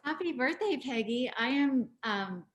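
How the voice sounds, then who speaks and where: A woman's voice: high-pitched, lively intonation, measured pace. A woman on a video call from her home, giving an earnest tribute with frequent ums. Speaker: party guest. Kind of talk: heartfelt tribute speech.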